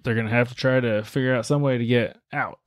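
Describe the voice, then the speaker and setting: A man hosting a podcast, telling a story in a relaxed, chatty way with lots of fillers. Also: medium pitch, fast talker, no room sound, clean studio sound. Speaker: podcast host. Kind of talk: casual storytelling chat.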